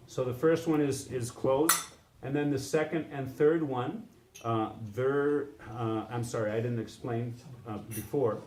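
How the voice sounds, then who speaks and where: A man teaching a live instrument lesson, halting with frequent restarts and singing syllables to demonstrate sounds. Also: mid-range voice. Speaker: music teacher. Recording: echoey room with background noise.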